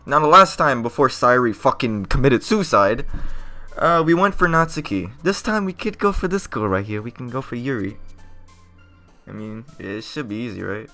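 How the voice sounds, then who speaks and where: A man streaming a game live, reacting loudly with a lot of swearing and nervous outbursts. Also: medium pitch, expressive, normal speed, faint music behind. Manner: loud, profane, jumpy reactions. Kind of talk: live gameplay commentary.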